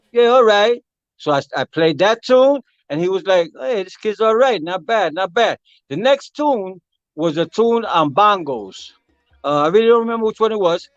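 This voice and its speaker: High-voiced man telling a story. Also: no echo, highs cut off. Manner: animated, acts out quotes of others. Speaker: guest musician. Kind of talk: casual storytelling.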